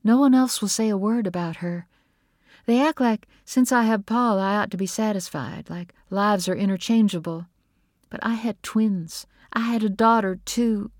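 A woman voicing a quiet, grieving young mother in a read story, earnest and tender. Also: medium pitch, moderate pace, no room sound, clean studio sound, pitched above the performer's own voice, lightly acted.

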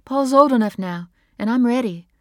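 A woman voicing a young wife and mother who is emotional and speaks in a higher, urgent, pleading voice. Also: normal speed, a little mellow, no echo, studio quality, natural voice.

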